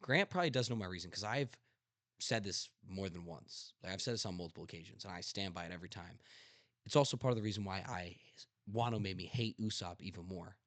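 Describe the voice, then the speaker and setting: A young man hosting a casual podcast, recounting a story with real heat and swearing now and then. His voice sits fairly low and sounds close and dry, with no room around it. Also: fast, a bit bright, dry recording. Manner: emphatic, passionate storyteller who swears freely. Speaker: podcast host. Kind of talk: casual chat.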